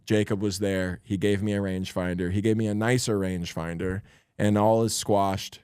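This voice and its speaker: A man's voice: on the low side, normal speed, clean tone, no echo. Young guy comedian ranting through a story on a podcast, voice jumps way up when he gets worked up, dry close mic. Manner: animated storyteller acting out other people's lines. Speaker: podcast co-host, stand-up comedian. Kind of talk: casual storytelling chat.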